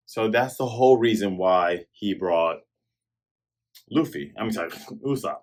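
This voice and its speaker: A man hosting a manga review show, retelling a chapter in a casual, excitable way and acting out the scenes as he goes. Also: lowish voice, unhurried, long pauses.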